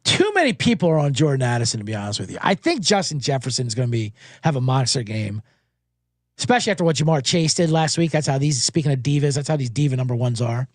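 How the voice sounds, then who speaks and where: Profane, jokey sports betting host. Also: male voice, mid-range voice, big pitch swings, fast, dry recording, clean studio sound. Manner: profane, rambling, jokey, puts on mocking voices. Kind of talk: casual sports betting recap.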